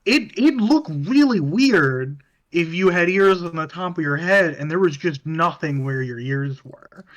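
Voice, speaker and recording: A man's voice: fairly high pitch, lively intonation, measured pace. A man playing a tabletop game, rambling with hesitant restarts and many fillers. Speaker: player.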